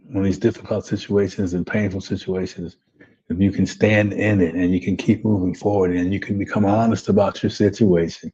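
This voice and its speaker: Low dark-voiced male life coach. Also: little pitch movement, brisk, breathy edge. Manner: repetitive, keeps asking "right?" and saying "man". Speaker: life coach hosting a live webinar. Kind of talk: motivational talk to viewers. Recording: dull lo-fi audio.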